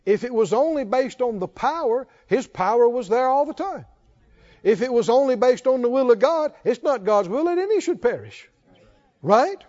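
A male pastor delivers a sermon in a very high, lively voice. He preaches slowly and emphatically, building to fervent calls. The recording sounds dull and lo-fi.

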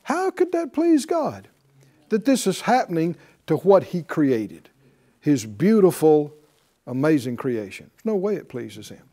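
A man teaching a Bible class in a fervent preaching style, breaking into hallelujahs and quick laughs. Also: a little high, wildly swooping pitch, mellow.

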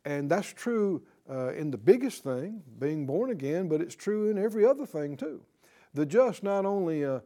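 A middle-aged male preacher teaches from the Bible at a slow, deliberate pace. His voice sits a little high for a man yet sounds dark and mellow. He talks earnestly and keeps putting questions to his listeners.

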